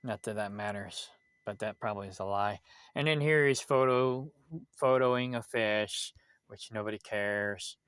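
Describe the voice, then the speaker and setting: A man's voice: fairly low pitch, a little slow, a bit bright, clear, resonant tone, no echo, studio quality. A man ranting bitterly in a vlog, complaining about someone with lots of swearing. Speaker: vlogger. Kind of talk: angry vlog rant.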